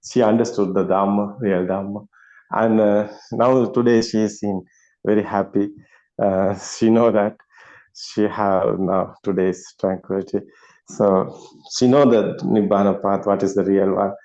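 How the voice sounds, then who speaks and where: Male host, halting delivery, lots of fillers, laughs often; muffled video call sound. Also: fairly low pitch, fairly even intonation, mellow. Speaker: discussion host. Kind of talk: casual video call discussion.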